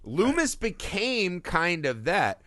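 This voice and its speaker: A man hosting a casual film podcast, talking in an animated, profane way and acting out movie scenes. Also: high voice, slow pace, no echo. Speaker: podcast host.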